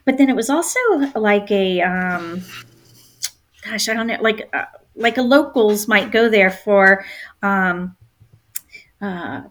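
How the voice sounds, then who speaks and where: A woman who is a travel agent guest, in casual chat, talking freely with many filler ums and pauses to search for words. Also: medium pitch, a bit bright.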